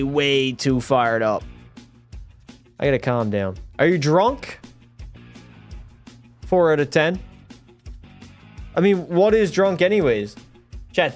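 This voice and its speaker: A young man with a fairly high voice streams a hockey video game and talks straight to his chat. He swears freely, gets fired up over every play, and sounds a little tipsy. Faint game music plays underneath. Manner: profane, excitable, talks to chat. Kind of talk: live gameplay commentary.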